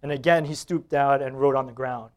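A man preaching a sermon as pastor, telling a personal story with quoted dialogue and laughter, swinging between loud bursts and hushed lines. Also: mid-range voice, steady tone, a little fast.

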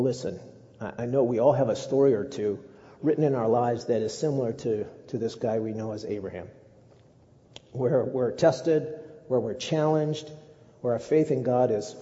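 A man's voice: mid-range voice, warm tone. A male pastor preaching a sermon in a conversational way with humorous asides, heard as a dull recording with a long echo in a church.

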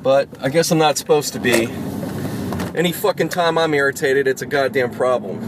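A man's voice: mid-range voice, normal speed. A man vlogging from his car in traffic, rambling, irritated and swearing a lot as he talks to viewers. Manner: rambling, profane, with lots of restarts. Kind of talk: casual rambling monologue to viewers. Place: inside a car, driving in traffic. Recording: road and traffic noise.

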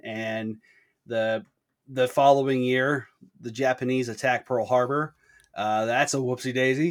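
A man co-hosting a casual podcast chat, talking in an animated, self-deprecating way with many restarts. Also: medium pitch. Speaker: podcast co-host.

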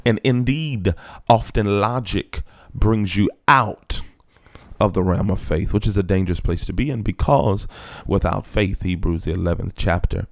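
A man's voice: gravelly, no room sound. Man preaching a sermon, dry close sound. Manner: reads scripture aloud, then explains it in plain talk; slows down and drops low for emphasis.

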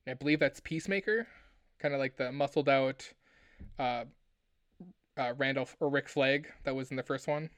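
A man co-hosting a casual pop-culture podcast, talking in excitable, joking rants. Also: medium pitch, normal speed, pauses often, no echo. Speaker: podcast co-host.

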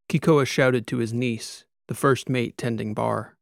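A man narrating a science fiction audiobook in a steady, storytelling manner. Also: medium pitch, measured pace, gravelly, no echo, clean studio sound. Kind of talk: scripted narration.

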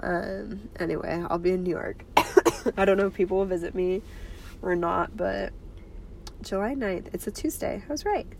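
A woman's voice: medium pitch, moderate pace, creaky, darkish tone, a little hiss or hum. A woman in her early twenties co-hosting a podcast, chatting casually and telling rambling stories while fighting off a cold. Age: 20s. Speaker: podcast co-host. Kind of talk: casual chat.

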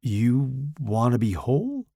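A man's voice: medium pitch, sing-song, slow pace, creaky, mellow, no echo, clean studio sound, heavily acted. A man voicing a harried male horror writer in pain, speaking tensely and protesting in a slightly raised voice.

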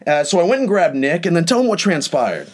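Casting: young male host, lively storyteller, voice sits a touch high, swings up when quoting people. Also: fast talker. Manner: animated, dramatic retelling with rising pitch on quotes. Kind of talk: casual storytelling chat.

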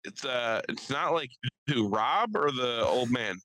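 A young man co-hosting a podcast, telling a story and acting out the people in it with lively voice changes. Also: mid-range voice, unhurried, no echo, poor audio. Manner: animated, acts out quotes in shifting voices. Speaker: podcast co-host. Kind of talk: casual storytelling chat. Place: studio.

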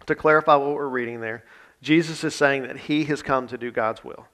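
A man's voice: mid-range voice, fairly quick, fairly bright tone. A male pastor giving a conversational sermon, reading scripture with emphasis and talking plainly with his congregation.

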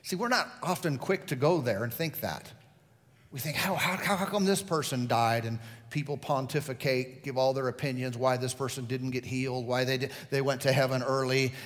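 A man's voice: mid-range voice, steady tone, normal speed, in a large hall. A male pastor preaching a sermon, telling the story vividly and putting questions to the congregation.

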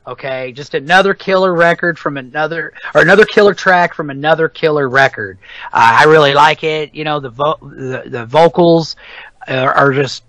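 A man's voice: on the high side, a bit bright, no echo, rough recording. A middle-aged man chatting casually as a podcast co-host, rambling and swearing freely. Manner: rambling, profane, ranting. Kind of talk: casual chat about metal albums.

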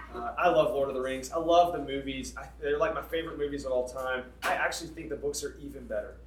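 A man telling a story in a sermon, in a conversational, animated and emphatic way. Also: medium pitch, fairly quick, slight background noise. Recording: echoey room, distant mic.

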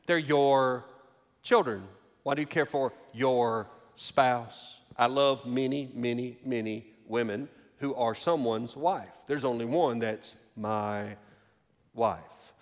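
A man preaching a sermon as pastor, moving from quiet conversational asides to raised, emphatic delivery. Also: mid-range voice, slow pace. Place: church sanctuary. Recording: reverberant hall.

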